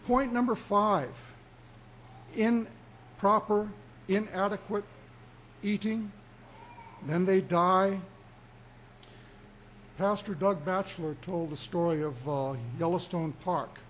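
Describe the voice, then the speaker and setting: A man preaching with a fairly high, light voice, drawing out his points slowly and pushing hard on key words. A faint hiss sits under the recording. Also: fairly bright tone. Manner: emphatic preaching, slow deliberate pauses, rising for emphasis. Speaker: pastor. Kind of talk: sermon.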